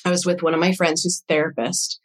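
Low-ish voiced woman, doula coach guest, earnest and open, just telling her story. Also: little pitch movement, quick pace. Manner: earnest, reflective, emotionally open. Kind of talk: personal storytelling in conversation.

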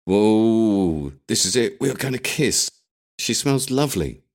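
A man voicing a nervous, easily flustered young man in an audiobook reading. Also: moderate pace. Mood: excited. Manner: high, excitable inner voice.

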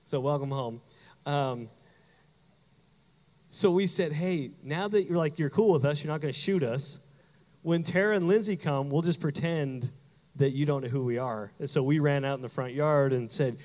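A man's voice: a little high, normal speed. Canadian guy preaching, tells stories, acts out voices, long hall echo. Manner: animated storytelling, acts out quoted voices. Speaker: pastor. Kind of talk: sermon with personal story.

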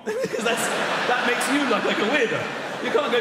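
Animated stand-up comedian man. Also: very high-pitched, moderate pace. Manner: animated, acts out voices. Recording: live hall, echoey, loud audience noise.

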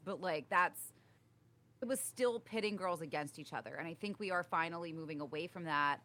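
A woman's voice: lowish voice, moderate pace, bright, forceful tone. A young woman co-hosting a podcast in casual chat, talking with many fillers. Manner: chatty, uses many fillers like "like" and "um". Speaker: podcast co-host.

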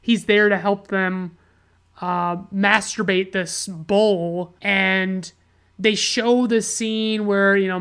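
A woman's voice: lowish voice, fairly bright tone, smooth. Sarcastic woman reviewing bad movies. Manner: sarcastic, profane, frequent restarts. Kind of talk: casual movie review monologue.

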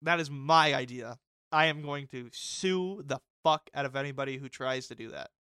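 Young dude podcast cohost, hyped and cussing, bright voice, dead dry mic. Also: male voice, medium pitch, moderate pace, clean tone, dry recording. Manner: excitable, swears a lot, loud mock impressions. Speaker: podcast co-host. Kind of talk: casual chat.

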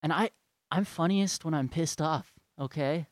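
A man's voice: a little high, measured pace, dry recording. A man ranting to his followers in a sarcastic, profane and rambling way. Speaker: vlogger. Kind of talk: profane rant to camera.

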